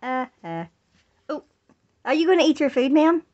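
A woman's voice: high-pitched, sing-song, normal speed, darkish tone, muffled recording. A young woman filming a casual family vlog at home, talking playfully to her toddler in coaxing baby talk and laughing often. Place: home, on the floor indoors.

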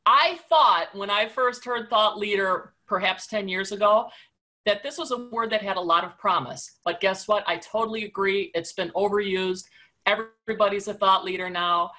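A woman's voice: mid-range voice, moderate pace, sharp tone. Wry, opinionated woman host. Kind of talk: casual web conference discussion.

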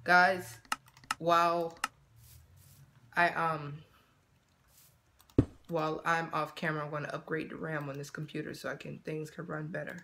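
A man giving casual let's-play commentary, talking to himself in a chatty way with quick excited outbursts. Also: a little high, gravelly, noisy background. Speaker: gaming channel host.

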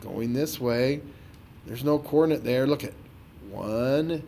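A man's voice: mid-range voice, takes it slowly, vocal fry, dark tone, slight background noise. Exasperated, sarcastic male math teacher. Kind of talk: dramatized tutoring walkthrough.

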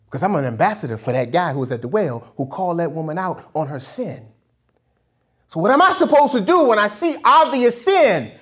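An animated pastor delivers a sermon with a pitch that rises and falls freely. The delivery is emphatic and colloquial, driving points home by repeating phrases and posing questions before answering them. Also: slightly rough. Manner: casual, colloquial preaching.

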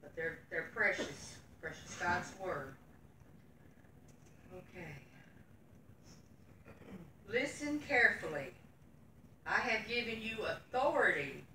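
A middle-aged woman with a lowish, pushed and bright voice teaches Sunday school in a church room, reading scripture aloud in an earnest, folksy way. The recording is echoey and distant, with slight background noise.

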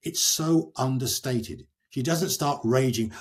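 An older man, an author, talking with passion about poetry and reading verse aloud with slow, dramatic emphasis. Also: on the low side, breathy edge. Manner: expressive, reads verse aloud slowly and dramatically. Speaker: author and guest. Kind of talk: passionate literary discussion.

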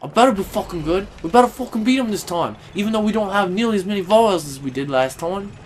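A man doing angry let's-play commentary, swearing constantly and swinging between yelling and grumbling. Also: high voice, expressive, fast talker, a little hiss or hum. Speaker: gaming video host.

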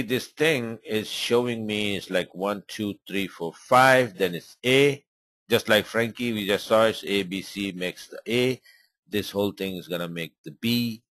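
A man's voice: on the low side, a bit bright, dry recording. A man hosting a forex trading webinar, talking casually over charts in loose, rambling English full of fillers. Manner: rambling and informal, many fillers. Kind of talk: live webinar chart commentary.

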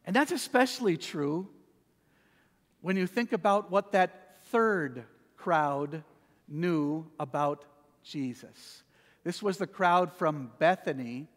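Male pastor, unhurried sermon delivery with dramatic soft-to-loud swings, reverberant sanctuary. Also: sits high. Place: church sanctuary.

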